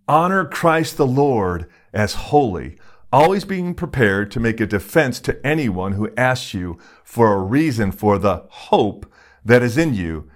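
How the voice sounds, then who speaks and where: A pastor preaching a sermon in a conversational storytelling way, with many fillers and restarts. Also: male voice. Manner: acts out quoted voices in a raised pitch.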